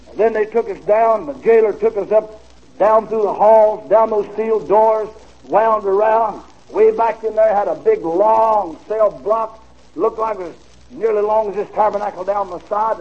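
A man preaching, telling a story in a folksy, animated way on a dull, old recording with faint hiss. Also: high voice. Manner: folksy, animated storytelling with laughter and drawled asides. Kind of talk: storytelling sermon.

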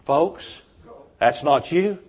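Fervent high-voiced male preacher. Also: lively intonation, extremely slow, slightly rough. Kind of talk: revival sermon.

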